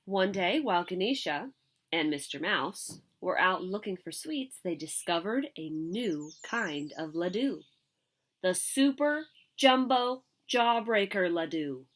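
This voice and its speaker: A woman reading a picture book aloud to children in an expressive, animated way. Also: on the low side, slow. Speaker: story reader.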